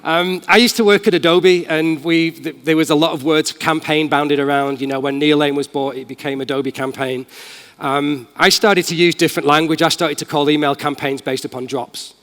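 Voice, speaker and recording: Excitable Mancunian man on a conference stage. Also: on the high side, normal speed. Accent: Manchester. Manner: enthusiastic, casual, excitable. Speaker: conference keynote speaker. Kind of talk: live tech demo talk. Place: large conference hall. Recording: long hall reverb.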